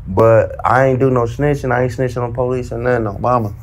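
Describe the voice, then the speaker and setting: A man in casual storytelling, animated and slang-heavy, acting out the dialogue as he goes. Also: mid-range voice, brisk. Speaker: storyteller recounting prison life. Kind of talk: casual storytelling in a played interview clip.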